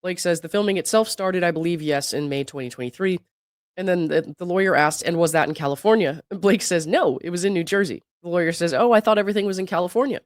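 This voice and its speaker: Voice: mid-range voice, brisk, no echo, clean studio sound. A host who is sick, reading a deposition transcript aloud and breaking in with skeptical asides. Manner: reads quotes evenly, breaks in with skeptical asides and laughs. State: sick, voice not at its best. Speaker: legal commentary channel host.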